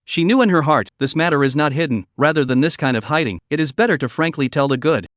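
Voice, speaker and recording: A man's voice: fairly high pitch, quick pace, dry recording, clean studio sound. Synthetic male voice narrating a story recap. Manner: even, machine-like reading.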